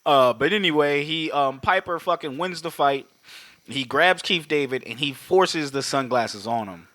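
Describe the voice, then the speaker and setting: A man co-hosting a podcast, excitedly recapping a movie fight with lots of swearing, laughter and acted-out quotes. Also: on the high side, measured pace, no echo, studio quality. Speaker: podcast co-host. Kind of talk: casual profane movie recap.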